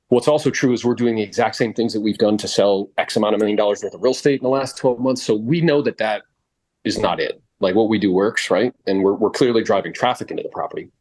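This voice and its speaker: A man coaching real estate agents on a podcast, talking in a blunt, animated way with casual swearing. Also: on the low side.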